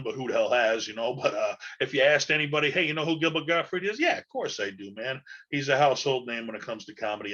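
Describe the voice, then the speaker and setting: Brief: chatty male podcast host, bright, edgy tone, rambling with fillers, lo-fi sound. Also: mid-range voice. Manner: rambling, chatty, loose with fillers and mild swearing. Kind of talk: casual podcast monologue.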